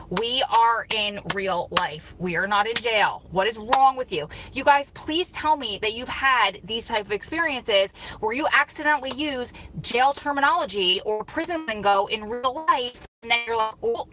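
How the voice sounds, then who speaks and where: A woman's voice: a little high, normal speed, hardly any pauses, low-quality recording. A young woman hosting a casual livestream, chatting animatedly, telling stories and reading comments. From United States. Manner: chatty, animated storytelling, laughs often. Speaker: vlog host.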